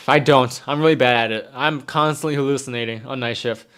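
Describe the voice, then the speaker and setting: A man's voice: medium pitch, moderate pace, a bit bright, clear, resonant tone. A young man, a nurse casually answering viewer questions on a live stream, rambling and repeating himself. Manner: rambling, repeats himself, reads chat aloud.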